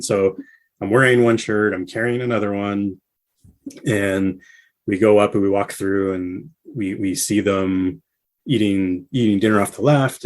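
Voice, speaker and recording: Man with a low voice, casual storytelling guest, animated quoting. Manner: animated storyteller, acts out quotes with rising pitch. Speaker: podcast guest, artist.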